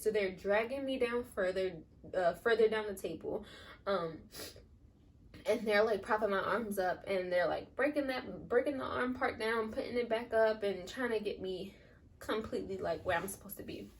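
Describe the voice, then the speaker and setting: Recorded from a distance, a young new-mom vlogger rambles chattily through a personal story, saying "like" constantly. Her pitch is medium.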